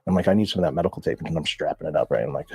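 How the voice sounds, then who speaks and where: Fast-talking husky man telling a story. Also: a bass voice, no echo. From Southern California. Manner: profane, animated, acts out quoted voices. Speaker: guest. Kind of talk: casual storytelling.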